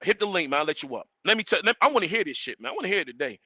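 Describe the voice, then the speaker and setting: A man's voice: sits high, very fast, husky, dry recording, dull audio. A man hosting a live stream, ranting emphatically and repeating his points. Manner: animated, emphatic, repeats himself. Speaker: livestream host.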